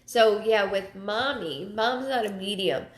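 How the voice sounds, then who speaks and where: A woman psychic medium hosting her live show, chatting casually and telling personal stories in a halting way, often repeating words. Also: medium pitch. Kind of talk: casual livestream talk. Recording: roomy echo.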